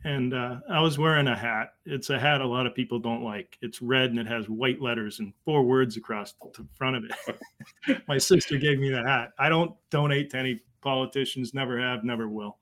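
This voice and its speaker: A man, telling a personal story as a guest, halting and emotional with many restarts. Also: medium pitch, fairly bright tone. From Boston area. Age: 50s. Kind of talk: conversational storytelling.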